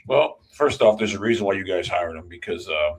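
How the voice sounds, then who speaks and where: A man's voice: deep voice, lively intonation, brisk, rough recording. Male football ranter, casual and profane, hammering the same warning to fans. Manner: blunt, profane, repeats himself, talks straight to fans. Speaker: football commentator. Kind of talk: casual sports rant.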